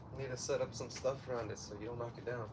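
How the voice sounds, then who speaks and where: A man's voice: mid-range voice, steady tone, fast talker, background noise. A man with a Southern Californian accent hosting a casual live-stream workout from home, chatting with viewers and telling off his puppy between sets. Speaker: fitness livestream host. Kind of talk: casual live-stream chat while exercising.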